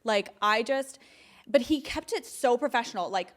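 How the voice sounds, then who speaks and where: A woman in her thirties, a guest in a casual interview, telling animated stories with lots of laughter and acted-out quotes. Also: a little high, normal speed. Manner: giggly, animated, quotes others in voices.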